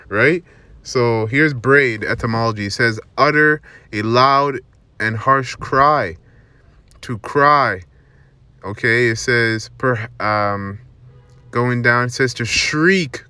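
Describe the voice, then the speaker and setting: A man's voice: medium pitch, bright, forceful tone, clear, resonant tone, dry recording. Man preaching in a dry room. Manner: reads verses slowly, adds "man" and "okay?" after most phrases; stumbles and restarts words often. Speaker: scripture teacher. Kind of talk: preaching monologue reading and explaining verses.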